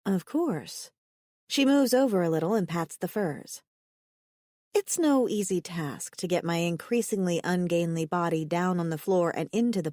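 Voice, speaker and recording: A woman narrating a romance audiobook in first person, expressive, lifting her voice for the heroine's dialogue. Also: medium pitch, dry recording, clean studio sound.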